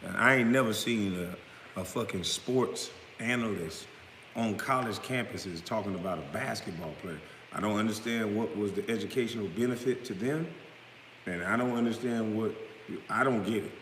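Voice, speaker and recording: A man delivering a blunt, profane, confrontational rant straight to camera, now and then breaking into loud outbursts. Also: fairly low pitch, moderate pace. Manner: smoking hookah while talking. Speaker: vlogger responding to critics. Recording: roomy echo with long reverb, faint background noise.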